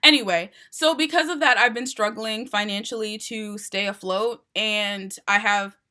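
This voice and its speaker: A woman's voice: medium pitch, moderate pace, bright, forceful tone. A young woman, an independent singer, chatting casually in a rambling way with frequent laughs. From United States. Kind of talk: casual chat.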